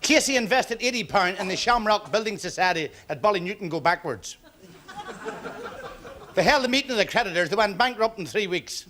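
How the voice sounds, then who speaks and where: A man telling a joke on stage as a stand-up comedian, brisk, with gruff voices for his characters. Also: high voice, animated, background noise. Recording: 1970s TV stage recording with audience.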